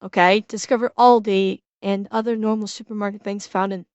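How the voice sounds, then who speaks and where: A woman's voice: medium pitch, fairly even intonation, a little fast, a little mellow, no room sound, dull audio. A woman streamer reacting to a video in casual live commentary, blunt and swearing freely, often restarting her sentences.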